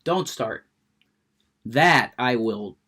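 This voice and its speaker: A man's voice: mid-range voice, lively intonation, very slow, bright, forceful tone, slightly rough. A man ranting with heavy cursing, getting worked up, then chatting about a video game he is playing. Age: adult, smoker. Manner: profane, ranting, gets worked up, curses a lot. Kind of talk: unfiltered rant and gameplay chat.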